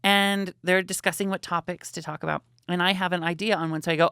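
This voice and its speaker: Bright, animated male storyteller. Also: sits high, quick pace, few pauses, clean tone, no room sound, clean studio sound. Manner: animated, theatrical, acts out quotes. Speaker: podcast guest. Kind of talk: comedic storytelling.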